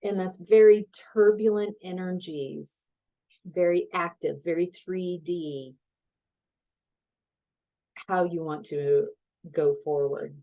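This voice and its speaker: A woman's voice: lowish voice, slow, pauses often, mellow, low-quality recording. A woman tarot reader giving a casual reading, telling stories in a chatty way and laughing easily.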